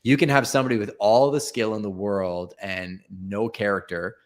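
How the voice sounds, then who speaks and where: A man's voice: lowish voice, fairly even intonation, moderate pace. A man hosting a podcast, giving short affirmations and reflective follow-ups to his guest. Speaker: podcast host. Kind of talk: conversational interview.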